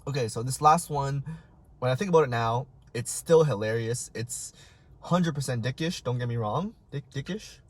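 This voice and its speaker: A man, telling stories in a casual, animated, self-mocking way and acting out voices. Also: mid-range voice, normal speed, no room sound, faint music behind. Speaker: vlogger. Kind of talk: casual storytelling while eating.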